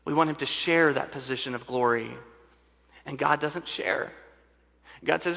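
A man preaching a sermon as pastor, swinging between booming emphasis and hushed, intimate asides. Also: unhurried, vocal fry, long pauses, slightly rough. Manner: dynamic preaching, shifting from loud to hushed. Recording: large hall with long reverb.

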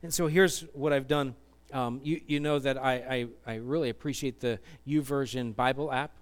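A man's voice: medium pitch, steady tone, moderate pace. A man preaching a sermon to a congregation, chatty and joking, then building to fervent emphasis. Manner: conversational, jokey, rising to fervent emphasis. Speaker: pastor.

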